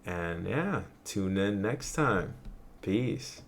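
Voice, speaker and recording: A man hosting a vlog, giving his opinions in relaxed, conversational commentary. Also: low voice, measured pace, a little hiss or hum. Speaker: vlog host. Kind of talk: casual commentary.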